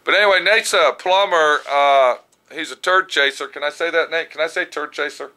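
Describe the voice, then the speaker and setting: A man's voice: fairly high pitch, moderate pace, bright, forceful tone, reverberant. A man hosting a casual chat show, talking in a folksy, joking, talkative way. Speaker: show host.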